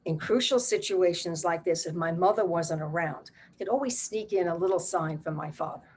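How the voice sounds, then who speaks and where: An older woman, a playwright and solo performer, telling a family story on stage in a wry, animated, conversational way. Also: fairly low pitch, moderate pace, slight background noise.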